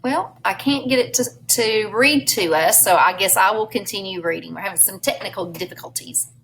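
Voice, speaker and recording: A woman's voice: medium pitch, moderate pace, vocal fry, fairly bright tone, a little hiss or hum, low-quality recording. A woman teacher reading a storybook aloud in a recorded class lesson, patiently explaining words and prompting her students.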